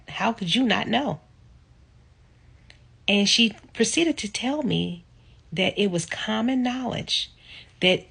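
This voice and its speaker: Slow, husky woman telling a story. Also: mid-range voice. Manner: reflective, animated when quoting others. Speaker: vlogger telling a personal story. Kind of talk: casual storytelling.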